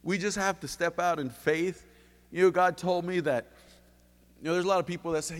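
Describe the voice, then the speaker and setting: Guy preaching in church, kinda high voice, big echoey hall sound, goes quiet then loud. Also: fairly even intonation, a little fast. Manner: fervent, swings from low intimate tones to loud bursts. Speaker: lay preacher giving testimony. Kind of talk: sermon. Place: church sanctuary.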